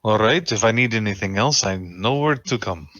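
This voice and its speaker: A man playing a tabletop game in a relaxed, polite manner. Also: fairly low pitch, moderate pace, no echo, dull audio. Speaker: player.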